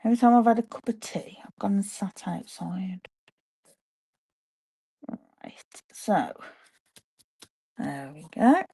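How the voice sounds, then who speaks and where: Unhurried chatty woman making cards. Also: medium pitch, animated, vocal fry, mellow, slightly rough. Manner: chatty, talks to viewers while working. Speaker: papercraft demonstrator. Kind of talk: live-streamed card-making demo. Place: home craft room.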